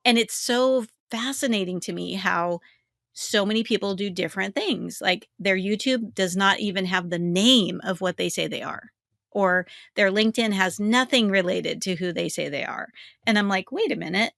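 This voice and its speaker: A woman co-hosting a casual business webinar, telling animated stories and acting out quotes in a higher voice. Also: normal speed, gravelly, no echo, clean studio sound. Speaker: webinar co-host, business coach and podcaster.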